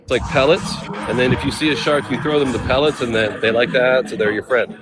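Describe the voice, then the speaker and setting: A man's voice: mid-range voice, fairly quick, heavy background noise. A man live-streaming outdoors on seaside cliffs into a handheld phone, chatting casually and reading out viewer names to thank them. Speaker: livestreamer.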